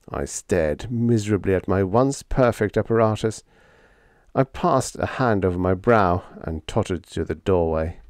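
A man reading a humorous story aloud, with a lively, playful first-person telling. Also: low voice, measured pace, no room sound, clean studio sound. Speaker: audiobook narrator.

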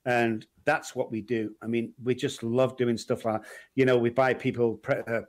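A middle-aged Englishman with a Manchester accent is a guest in a casual interview, telling stories and acting out the voices of the people he quotes. His voice sits in the mid range and moves at a normal speed, with an animated storytelling manner.

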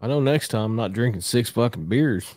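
A man hosting a podcast, chatting casually in a relaxed, profane way. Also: mid-range voice, a little fast, a little hiss or hum. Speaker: podcast host. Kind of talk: casual chat.

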